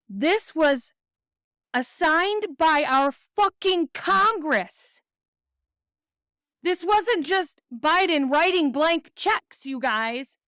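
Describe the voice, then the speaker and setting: Woman, high voice, slow deliberate delivery, furious cursing rant, political podcast host, dry close recording. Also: a bit bright, dry recording. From United States. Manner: profane, ranting, reads news aloud. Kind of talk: angry political commentary.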